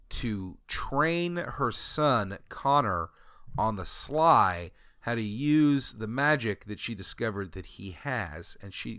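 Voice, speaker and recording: A man in casual podcast chat about a video game, blunt and sarcastic with plenty of swearing. His voice sits at a middle pitch in a dry, close recording. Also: sharp tone, no echo. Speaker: podcast co-host.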